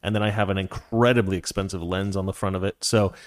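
A man's voice: low voice, level tone, fast talker. A man hosting a home livestream, reading viewer messages and giving opinionated commentary that rambles and restarts often. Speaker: live stream host.

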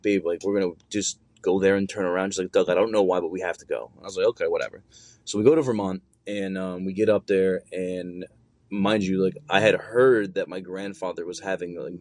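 A man's voice: deep voice, fairly even intonation, a little fast, a little mellow, no room sound. A young adult man casually telling a long personal story, rambling and swearing with many fillers and restarts.

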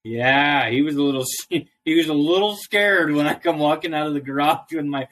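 Cussing guy ranting about his neighbor on a chill podcast, kinda high voice. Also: normal speed, fairly bright tone. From Idaho, US. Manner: profane, ranting storyteller. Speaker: co-host. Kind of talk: casual podcast chat.

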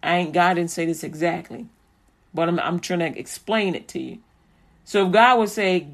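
A woman preaching informally and quoting scripture in an animated, plain-spoken, laughing manner. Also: mid-range voice, normal speed.

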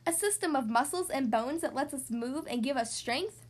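Animated woman reading to kids. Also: sits high, normal speed. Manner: expressive and animated. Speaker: children's podcast host. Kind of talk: reading a picture book aloud to young kids.

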